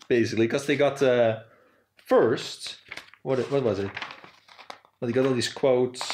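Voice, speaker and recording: Guy talking games off the cuff, voice bouncing up and down, lots of "you know, like". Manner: rambling, many "you know, like" fillers; animated, jumps up in pitch. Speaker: video host. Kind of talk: casual unscripted commentary.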